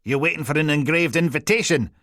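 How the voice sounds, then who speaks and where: A man's voice: sits high, very animated, measured pace, bright, forceful tone, dry recording, studio quality, voice pushed up, full character voice. Man doing a brash Scottish woman detective. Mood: bossy. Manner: bossy, rude and teasing. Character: brash foul-mouthed female detective inspector, Scottish.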